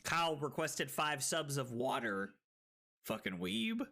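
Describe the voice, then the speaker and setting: A man streaming a card game, tipsy and rowdy, swearing, laughing and shouting with excitement. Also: on the high side, a little slow, creaky. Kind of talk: rowdy drunk livestream chat.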